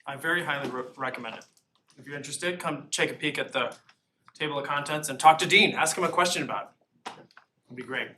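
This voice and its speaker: Male lecturer, bright and engaging, asks the room questions; distant mic. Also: on the high side. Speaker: philosophy lecturer. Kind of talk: live lecture to students. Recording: distant mic with faint noise.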